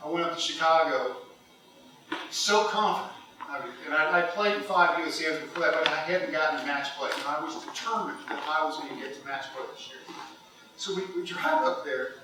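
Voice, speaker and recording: A man's voice: fairly high pitch, a little fast, soft background music. A middle-aged man from Ohio giving an induction speech, telling his stories with animation and frequent laughter. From Cincinnati, Ohio. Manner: animated storyteller, laughs often. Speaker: golf hall of fame inductee. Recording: echoey hall, mic far off.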